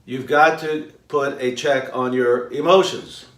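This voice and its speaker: A man's voice: mid-range voice, steady tone, fairly bright tone. Male self-help host, emphatic lecturer, roomy distant sound. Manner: emphatic, rhetorical questions, drawn-out pauses. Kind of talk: motivational lecture to camera. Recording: roomy echo, mic far off.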